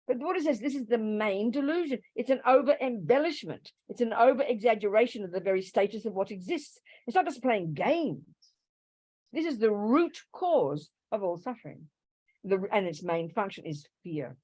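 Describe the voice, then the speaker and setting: A woman teaching Buddhist philosophy to a live class, animated, swinging from loud emphatic bursts to soft asides and acting out little quoted voices. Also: fairly high pitch, normal speed, no echo. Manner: acts out little quoted voices to make a point. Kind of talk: dharma talk to a live class.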